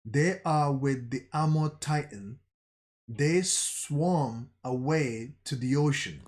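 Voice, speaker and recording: A man's voice: medium pitch, slow pace, darkish tone, close to an everyday voice. A man voicing an anxious young male soldier, reading his lines in a raised, urgent way from a manga.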